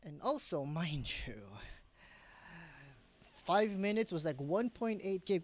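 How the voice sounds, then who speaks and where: A man's voice: on the high side, lively intonation, moderate pace, a little mellow. A young man vlogging at his home desk setup, rambling casually with frequent restarts and self-corrections.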